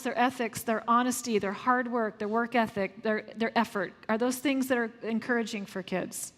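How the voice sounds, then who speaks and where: A woman leading a live parenting workshop, lively and asking the audience questions before answering them herself. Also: on the high side. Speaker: parenting coach. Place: large room with a live audience. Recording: long hall reverb.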